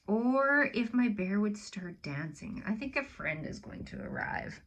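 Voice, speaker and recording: A woman teacher giving a gentle lesson to children, dropping into soft whispers while she draws. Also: medium pitch, gravelly, low-quality recording.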